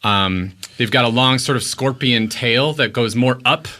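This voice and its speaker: A man narrating a tabletop game as game master, rambling and halting with many filler words. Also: medium pitch, sharp tone.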